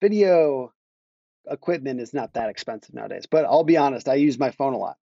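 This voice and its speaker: On a marketing podcast, a guest who owns a marketing agency speaks in an animated, gravelly, warm mid-range voice, a little fast. The recording has no room sound and cut-off highs; he rambles, restarts sentences, and laughs through his stories.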